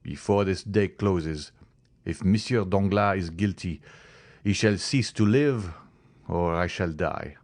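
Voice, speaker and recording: A hot-headed young nobleman spits out clipped, indignant threats, as a man reads him. The voice sits low and the sound is close and dry. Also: slow pace, a little mellow, dry recording. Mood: vengeful.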